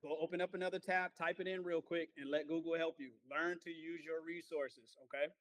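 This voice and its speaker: A man of forty, teaching a class in a playful, animated way, praising and joking with his students. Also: on the high side, a little fast. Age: 40s.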